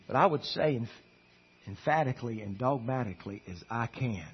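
A man preaching a sermon as pastor, emphatic and swinging between hushed passages and loud declarations. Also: mid-range voice, lively intonation, normal speed, slightly rough, muffled recording.

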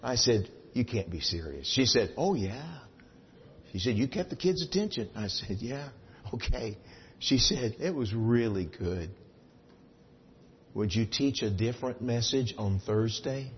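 A man preaching a sermon, telling a personal story with lively swings between loud excitement and hushed asides. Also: medium pitch, measured pace, slight background noise. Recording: dull sound in a large reverberant hall.

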